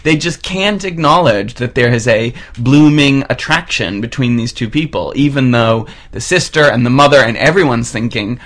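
A man's voice: mid-range voice, normal speed, hardly any pauses, a bit bright. Film podcast host, male, playful and teasing, mid-range voice. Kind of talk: film review chat.

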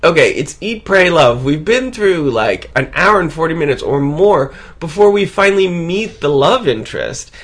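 A man's voice: fairly high pitch, sing-song, moderate pace, hardly any pauses, fairly bright tone. Young guy hosting a movie podcast, laughs a lot, does bits and voices. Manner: laughs often, does impressions. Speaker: podcast host. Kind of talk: casual film-review banter.

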